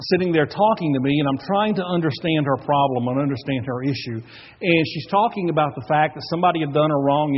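A pastor with a Texan accent preaching a sermon in a church, telling a story emphatically and swinging from loud to hushed. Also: male voice, on the high side, slightly rough. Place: church sanctuary. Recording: echoey hall, dull lo-fi audio.

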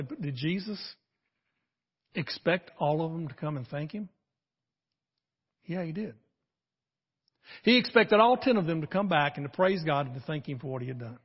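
An older man preaching a sermon as a pastor, telling the story in an animated way and acting out the voices in it. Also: on the high side, unhurried, long pauses, husky, in a large hall, highs cut off.

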